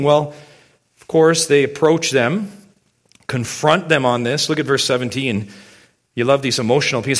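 A man's voice: medium pitch, moderate pace. A male pastor preaching a sermon. He speaks emphatically, poses many rhetorical questions and addresses his congregation directly.

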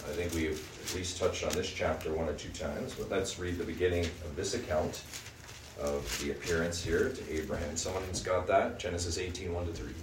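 A man's voice: low-pitched, fairly even intonation, normal speed. A man leading a Bible study group, teaching and often checking in with the group by asking "right?". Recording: echoey room, mic at a distance, faint noise.

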